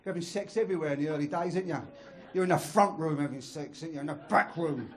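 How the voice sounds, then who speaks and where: A man's voice: fairly high pitch, fast. A male stand-up comedian from London with a London accent, chatting with the crowd and delivering crude punchlines. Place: comedy club stage. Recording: live comedy club, noisy.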